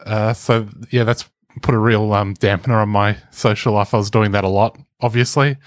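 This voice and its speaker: A man's voice: on the low side, fairly even intonation, moderate pace, dry recording, studio quality. A man, co-hosting a casual podcast, explaining things in a joking, rambling way. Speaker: podcast co-host. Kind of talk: casual chat.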